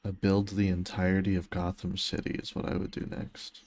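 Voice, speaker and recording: A man's voice: low voice, monotone, normal speed, darkish tone. A young man casually chatting on a gaming livestream, reading his chat aloud and answering with joking, self-mocking remarks. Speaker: streamer.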